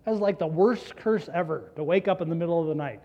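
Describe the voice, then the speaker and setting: A man's voice: on the high side, quick pace, dark tone. A man preaching a conversational sermon as a pastor, earnestly putting rhetorical questions to the congregation. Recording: dull lo-fi recording.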